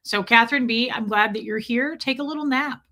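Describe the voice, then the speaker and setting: A woman in her forties hosting a casual livestream, greeting viewers by name and joking with dark humor. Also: fairly high pitch, a little fast. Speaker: livestream host. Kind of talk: casual livestream chat reading viewer comments.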